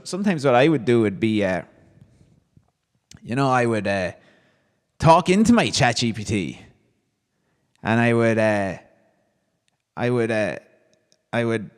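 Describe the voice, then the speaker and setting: A man's voice: mid-range voice, long reverb tail. A man hosting a livestream, reading viewers' comments aloud and answering them with wry, amused banter. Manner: wry, chatty, reacts to chat with amused banter. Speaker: livestream host.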